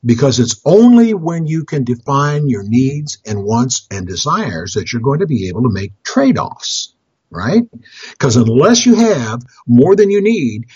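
A very husky, breathy man talks about budgeting as a financial counselor. He rambles, restarts his phrases and chuckles along with his own stories. The recording is dry and close, with a dull lo-fi sound. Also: medium pitch, a little mellow, no room sound. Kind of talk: storytelling talk on budgeting.

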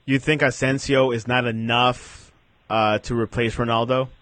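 A man's voice: medium pitch, flat delivery, normal speed, fairly bright tone, no echo. Male host, casual football talk, asks questions, dry close voice. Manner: asks questions, easily surprised. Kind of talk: casual sports chat.

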